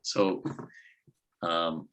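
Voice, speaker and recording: A man leads a scripture class in a bright, ringing voice. He tells the story in a lively, conversational way, with the odd "you know" and "right?" thrown in. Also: low voice, very slow, rough recording. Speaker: scripture teacher. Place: temple class room.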